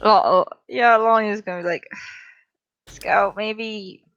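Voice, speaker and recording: A player in a tabletop role-playing game, chatting in an animated way. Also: medium pitch, brisk, clear, resonant tone, no room sound, lo-fi sound. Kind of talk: casual tabletop play.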